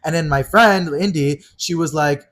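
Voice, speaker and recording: A man's voice: fairly high pitch, moderate pace, a bit bright. A man co-hosting a podcast, telling a heated personal story in casual, profanity-laden chat. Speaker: podcast co-host.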